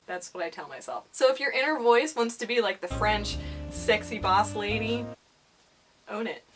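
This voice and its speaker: A young woman talking casually to camera, animated and giggly, often slipping into silly voices. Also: mid-range voice, normal speed, over music. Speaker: vlogger.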